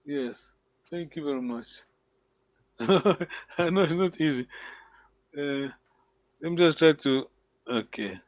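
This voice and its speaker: Man, high voice, patient teacher, encouraging, dull lo-fi call audio, dry sound. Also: animated, no echo. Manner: patient, encouraging, repeats words slowly. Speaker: language teacher. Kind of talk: online language lesson.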